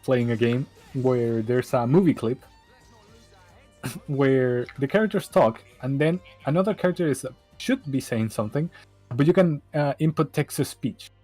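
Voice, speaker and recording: A man's voice: mid-range voice, darkish tone. A man streaming, chatting casually and telling rambling anecdotes with frequent laughs. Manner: rambling storyteller, laughs often, acts out quotes. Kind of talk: casual chat on a livestream.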